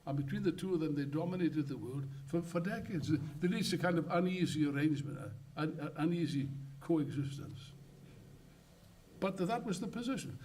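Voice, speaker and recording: A man's voice: fairly high pitch, far from the mic, slight background noise. Fiery older man speaking from afar. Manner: impassioned, rambling, swings from loud outbursts to muttered asides. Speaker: political speaker. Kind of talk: congress speech. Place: conference hall.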